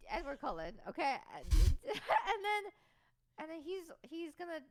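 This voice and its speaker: A young woman guesting on a casual podcast chat, excitable and teasing, with loud outbursts. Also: very high-pitched, measured pace. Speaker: guest streamer.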